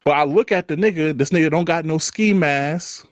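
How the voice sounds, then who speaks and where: A Brooklyn man co-hosting a podcast tells a story in slangy street talk, laughing as he goes. His voice is a little high, his pace moderate, and the recording is dry.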